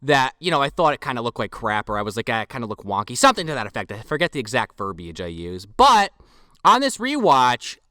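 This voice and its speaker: A man's voice: fast, no echo, clean studio sound. A man on a casual movie podcast, recounting scenes expressively. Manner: expressive storyteller, swings pitch widely. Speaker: podcast co-host.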